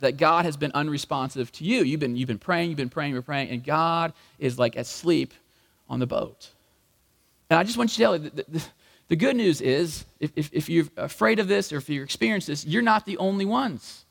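A man preaching a sermon as pastor, animated and acting out the voices in the story. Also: on the high side, vocal fry. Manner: animated, acts out voices in quotes. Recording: long hall reverb.

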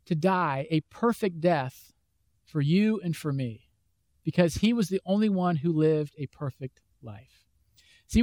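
A man's voice: high voice, dry recording. A man preaching a conversational sermon as a pastor, acting out the questions of imagined listeners. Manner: conversational, acts out imagined voices.

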